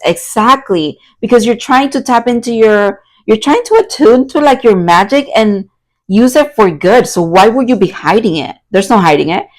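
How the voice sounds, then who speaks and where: A young woman giving a tarot card reading to her viewers, excitable and prone to loud outbursts and laughter. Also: mid-range voice, rough recording. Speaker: tarot reader.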